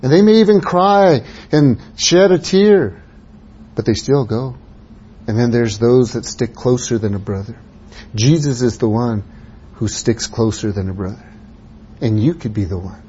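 Husky-voiced man preaching a sermon, dull sound. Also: measured pace. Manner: swings between soft low asides and bright raised exhortation.

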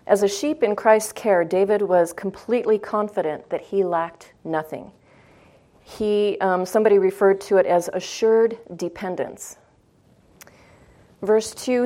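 A woman's voice: medium pitch, a little mellow. Woman giving an informal Bible lesson. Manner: informal, checks in with listeners, repeats phrases for emphasis. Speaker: Bible study teacher. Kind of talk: conversational scripture teaching.

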